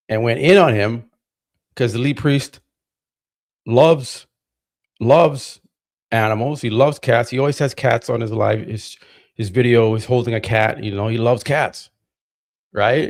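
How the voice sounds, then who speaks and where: A man hosting a livestream, ranting heatedly with lots of swearing and repeated words. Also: mid-range voice. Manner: heated, profane, repeats himself. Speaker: livestream host. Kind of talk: casual ranting commentary.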